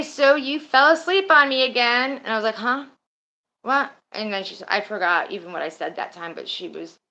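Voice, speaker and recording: A woman's voice: mid-range voice, gravelly, sharp tone, highs cut off. A woman streaming and chatting casually with her viewers, rambling and swearing now and then. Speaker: streamer talking to her chat. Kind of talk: casual livestream chat.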